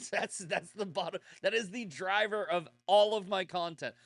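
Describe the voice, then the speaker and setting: A man's voice: sits high, normal speed, gravelly, a bit bright, no room sound. Blunt, profane man ranting off the cuff. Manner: blunt, profane, rambling with restarts. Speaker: show host. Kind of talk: casual monologue.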